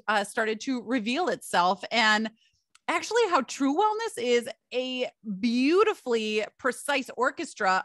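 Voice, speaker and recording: A woman's voice: a little high, fairly bright tone, no echo, studio quality. A middle-aged woman hosting a solo podcast, telling personal stories in a chatty way and calling her listeners "you guys". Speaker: podcast host.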